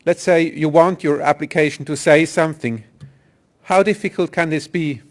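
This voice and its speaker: A man's voice: on the high side, fairly even intonation, normal speed. A man giving a technical conference talk, explaining step by step with some fillers and restarts. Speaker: software engineer presenter.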